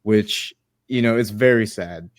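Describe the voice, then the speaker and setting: Soft-spoken man reading comic scenes aloud. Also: fairly low pitch, measured pace. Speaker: podcast co-host. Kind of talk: casual chat, reading comic dialogue aloud.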